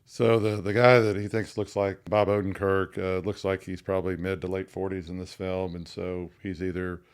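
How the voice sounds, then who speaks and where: A man with a very low voice and a gravelly, fry-laden texture. He co-hosts a podcast and talks casually, walking through his reasoning in long explanations with frequent restarts. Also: level tone, normal speed. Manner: conversational, explains at length with restarts. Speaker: podcast co-host, attorney. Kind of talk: casual legal discussion.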